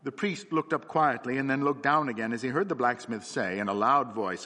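A man narrating a classic story for adults in an expressive, dramatic way, in a reverberant space. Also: mid-range voice, a little fast, few pauses. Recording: long reverb.

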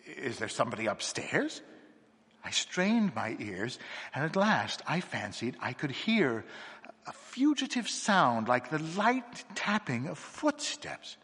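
A man reads a dark horror story in a husky, bright-edged voice. His delivery is tense and dramatic, dropping low and climbing high, with a long hall reverb trailing each line. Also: big pitch swings, takes it slowly. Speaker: narrator.

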